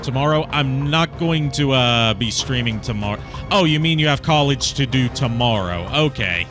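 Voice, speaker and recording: A man's voice: medium pitch, expressive, moderate pace. A man streaming a video game, chatting casually and rambling with lots of fillers and jokes. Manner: rambling, joking, filler-heavy. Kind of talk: casual gameplay commentary. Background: faint game music.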